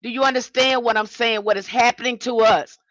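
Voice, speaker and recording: A woman's voice: a little high, fairly even intonation, fairly quick, a bit bright, no echo, dull audio. A woman giving an impassioned livestream sermon as a spiritual teacher, speaking in a fiery, confrontational way and repeating her points.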